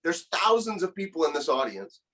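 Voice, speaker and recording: Heard on a low-quality recording, a man in his thirties who works as a motivational speaker and coach recounts a personal story as a guest. His fairly high voice has a sing-song, sharp tone and moves a little fast. He's earnest and emotional, frequently repeating words at the start of a thought, in a conversational storytelling style.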